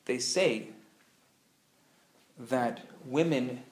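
A man teaching a live class, an animated, playful storyteller who acts out the dialogue. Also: mid-range voice, extremely slow. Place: classroom at a community center. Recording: roomy live room sound.

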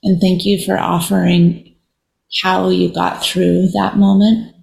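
A woman hosting a show, thanking a guest and leading a quiet guided reflection in a soft, measured way. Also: fairly low pitch, little pitch movement, vocal fry, poor audio. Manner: soft, measured, with drawn-out pauses. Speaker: podcast host.

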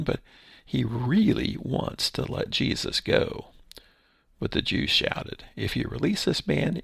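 A man's voice: a little high, fairly bright tone, no echo, clean studio sound. A man teaching through a Bible passage verse by verse, explaining in a conversational way with restarts. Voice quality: gravelly, husky voice.

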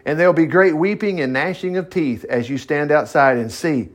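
A man reading Bible passages aloud and commenting in a casual, animated way, breaking into asides. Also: fairly high pitch, normal speed. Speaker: Bible teacher.

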